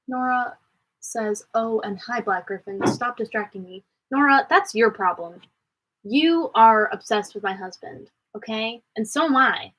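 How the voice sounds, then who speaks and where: Woman, from Canada, livestream host, bright tone, higher pitch, chatty, rambling. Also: lively intonation, a little slow, low-quality recording. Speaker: livestream host answering viewer questions. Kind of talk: casual chat. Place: home studio.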